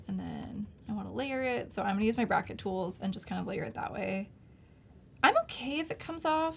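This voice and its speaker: Her mid-range voice is gravelly with lively intonation and a fairly quick pace, and there's a little hiss or hum behind it. A designer hosting a live stream, she walks through a casual design demo step by step, chatting and laughing frequently.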